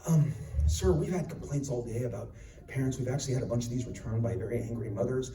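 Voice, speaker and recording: A man voicing a timid, polite male video game store clerk who speaks in a hesitant hush. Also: medium pitch, expressive, fast, voice pushed down, lightly acted. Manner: hesitant, hushed. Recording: echoey hall from far off.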